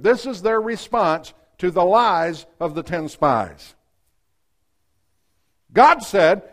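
High-voiced preacher with dramatic swings. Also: male voice, expressive, slow, long pauses. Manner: dramatic, swings from loud outbursts to hushed asides. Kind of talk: sermon with scripture reading.

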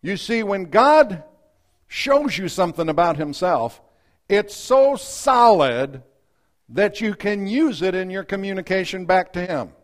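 A man preaching a sermon, reading scripture and acting out its voices, swinging from loud outbursts to hushed asides. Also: high-pitched, expressive, measured pace.

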